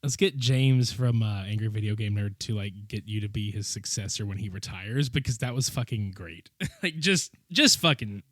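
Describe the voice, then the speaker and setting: A man's voice: fairly low pitch, normal speed, fairly bright tone, no echo, clean studio sound. A man co-hosting a casual podcast, joking and swearing in banter with his co-host. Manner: joking, laughing, profane banter.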